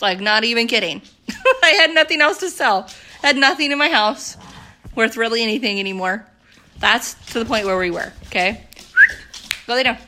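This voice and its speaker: A young woman speaks straight to her viewers in a quick, chatty pitch, peppering every thought with "like" and "you guys." Her voice is bright and gushing with enthusiasm. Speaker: network marketing vlogger. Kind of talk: casual direct-to-camera pitch.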